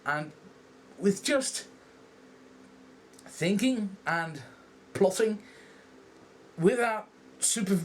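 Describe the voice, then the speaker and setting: A young man with a Dutch accent, rambling through a casual, animated movie review and swearing freely. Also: high-pitched, very slow, pauses often, a little hiss or hum. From Netherlands. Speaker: vlogger.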